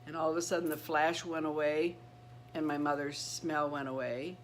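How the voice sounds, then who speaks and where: A middle-aged woman telling a personal story to her channel. She speaks earnestly and haltingly, with many restarts and repeated words. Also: deep voice, steady tone, slight background noise. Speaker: channel host.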